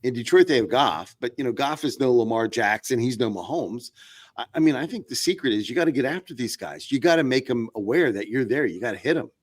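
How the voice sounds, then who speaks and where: A man's voice: medium pitch, lively intonation, fairly quick. Rambling man chatting football as a guest. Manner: rambling, many fillers and restarts. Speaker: podcast guest. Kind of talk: casual sports chat.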